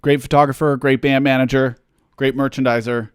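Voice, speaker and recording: A man's voice: medium pitch, flat delivery, a little fast, clear, resonant tone, no room sound, studio quality. A man chatting casually on a livestream, answering fan questions in a rambling way, with lots of fillers and self-deprecating jokes.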